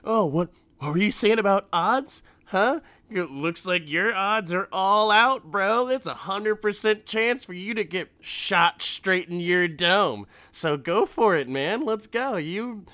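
A man's voice: sits high, expressive, slow pace, hardly any pauses, bright, forceful tone, no room sound, voice pushed up, exaggerated voice. A man putting on the voice of a cocky male gambler who mocks his rival. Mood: gloating, taunting. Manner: mocking, taunting.

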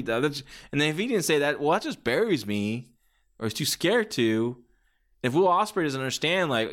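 A man's voice: on the high side, measured pace. A man hosting a podcast, reviewing in a casual, rambling way with lots of restarts. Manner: animated, rambling with many restarts. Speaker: podcast host.

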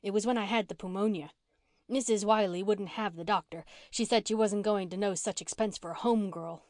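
A woman's voice: medium pitch, fairly even intonation, fairly quick, darkish tone, no room sound, studio quality, close to an everyday voice. A woman reading an audiobook and voicing a blunt, touchy orphan girl who talks in country slang.

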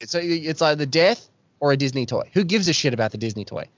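A man's voice: on the high side, animated, fast, dry recording. An Australian man hosting a podcast, ranting in exasperated casual chat with some swearing. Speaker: podcast host. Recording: dull lo-fi dry audio.

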